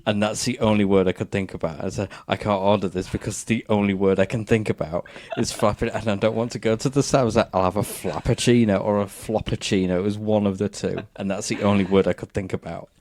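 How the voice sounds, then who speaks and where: Deep, mellow-voiced male podcast host. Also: steady tone, quick pace, few pauses, no room sound. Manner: rambling anecdotes, frequent restarts. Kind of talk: casual chat.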